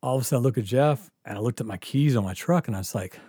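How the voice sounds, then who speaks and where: A man's voice: mid-range voice, rapid-fire, husky, dry recording, clean studio sound. A man telling a wild story in casual chat, swearing freely, laughing along and acting out the voices of the people he quotes. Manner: profane, animated storytelling with frequent laughter. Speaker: storyteller guest.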